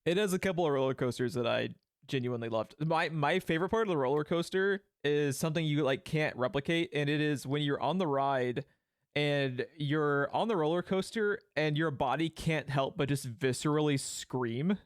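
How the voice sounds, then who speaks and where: Excitable podcast dude, swears a ton, laughs easy, kinda high voice, dry close mic. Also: male voice, moderate pace, no echo. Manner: animated, swears a lot, laughs easily. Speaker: podcast co-host. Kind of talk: casual chat.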